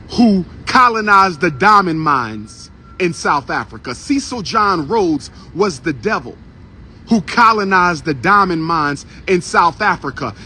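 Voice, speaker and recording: Man with a high voice doing a fired-up street speech, repeats every line for punch, faint traffic behind. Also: pushed and bright. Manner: repeats lines for emphasis, preacher-like cadence. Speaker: street speaker. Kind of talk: fiery outdoor speech to a crowd. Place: outdoors on a city street by a historical marker.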